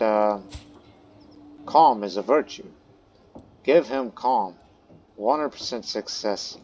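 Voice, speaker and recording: A man's voice: lowish voice, a little mellow, highs cut off, slight background noise. Man musing through a strategy game. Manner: thinks aloud, muttering to himself, reads game text aloud. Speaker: let's play commentator. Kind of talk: casual gameplay commentary.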